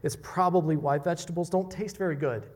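A man's voice: fairly high pitch, steady tone, a little fast, darkish tone. A man preaching a sermon in a conversational way, often repeating words as he restarts.

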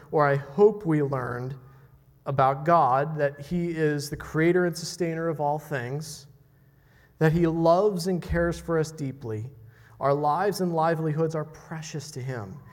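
A man preaching a sermon in a conversational way, often repeating words as he restarts. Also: a little high.

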